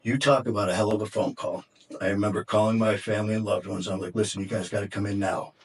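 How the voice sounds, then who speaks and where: A middle-aged man with a fairly low voice, a podcast guest from Detroit. He recounts his own story candidly, pausing and restarting often. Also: steady tone. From Detroit, USA. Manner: candid, halting, many fillers and restarts. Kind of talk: personal storytelling in an interview.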